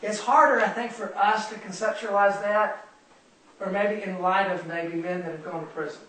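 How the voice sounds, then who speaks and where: A man leads a Bible study in a sermon style, earnest and repeating his words to drive points home. His voice sits high for a man. He is recorded from a distance in a very echoey room with a faint hiss behind him. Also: fairly even intonation, moderate pace, bright, forceful tone.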